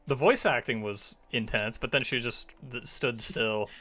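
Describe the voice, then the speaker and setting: A man hosting a gaming livestream, chatting casually in playful banter that jumps around in pitch. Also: a little slow, pushed and bright. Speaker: streamer host.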